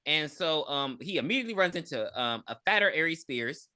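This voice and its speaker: Lively, bright-voiced podcast co-host. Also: medium pitch, a little fast. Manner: profane, animated storyteller who acts out characters. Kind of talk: casual movie recap chat.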